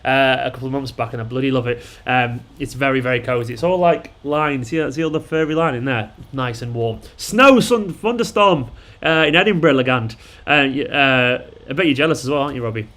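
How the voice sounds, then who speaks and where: Hosting a live watchalong for his fan channel, a Manchester man rambles casually and answers viewer messages, speaking a little fast with hardly any pauses. His voice is mid-range and a bit bright.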